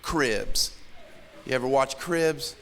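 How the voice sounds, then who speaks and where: A man doing a stand-up routine, telling a story with animated delivery and acting out characters' voices. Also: medium pitch, slow. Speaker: stand-up comedian. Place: comedy stage. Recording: echoey noisy live stage recording.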